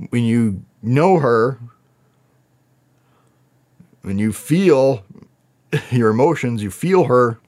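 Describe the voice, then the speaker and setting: A man's voice: mid-range voice, darkish tone. A man talking to camera as he reacts to song lyrics, earnest, spiritual and emotional, laughing often as he speaks. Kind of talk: heartfelt lyric reaction commentary.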